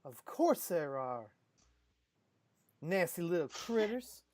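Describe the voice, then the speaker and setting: A woman's voice: lowish voice, big pitch swings, slow pace, a little mellow, full character voice. A woman voicing a folksy, fussing townswoman who gushes over visitors.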